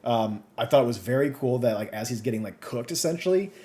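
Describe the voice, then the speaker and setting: A man talks quickly and eagerly in a casual game podcast, mid-range in pitch. He swears freely and gets worked up as he reacts to what he played. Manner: fast, excitable, swears freely. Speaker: podcast co-host.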